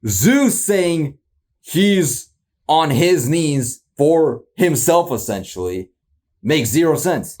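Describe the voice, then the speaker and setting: A man hosting a reaction video, talking casually in rambling bursts, with frequent laughs and confused exclamations. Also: fairly high pitch. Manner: animated, rambling, laughs often.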